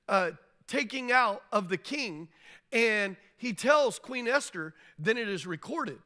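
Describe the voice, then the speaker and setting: A pastor with a high, bright voice delivers a sermon in a church. He tells the story loosely and conversationally, acting out the figures' lines in plain modern speech.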